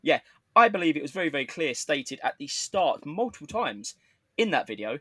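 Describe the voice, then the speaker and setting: A man's voice: a little high, very animated, moderate pace, a bit bright, dry recording. A man co-hosting a podcast, earnestly explaining his side in a mock court argument. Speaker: podcast co-host. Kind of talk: casual mock courtroom banter.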